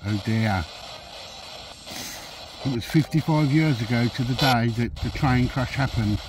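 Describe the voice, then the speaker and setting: A man with a Birmingham accent, a paranormal investigator calling out to spirits at night by a railway track, asking slow and polite questions. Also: mid-range voice, noisy background. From Birmingham, England. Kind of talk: calling out to spirits on a ghost hunt.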